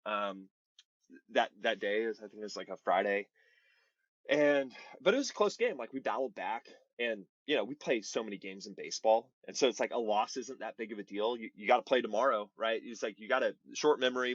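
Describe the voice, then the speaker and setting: A man's voice: lowish voice, no echo, muffled recording. Earnest rambling man in his thirties. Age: 30s. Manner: earnest, rambling, full of "like" and "you know". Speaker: professional baseball pitcher, podcast guest. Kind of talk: casual interview storytelling.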